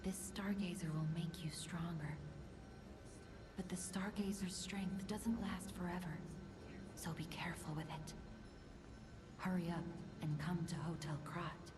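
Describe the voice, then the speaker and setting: A gentle, mysterious game guide voiced by a woman, low and hushed, floating in an echoey space. Game music swells clearly behind her soft, breathy lines. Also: steady tone, a little slow, long pauses, close to an everyday voice. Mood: serene. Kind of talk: video game dialogue.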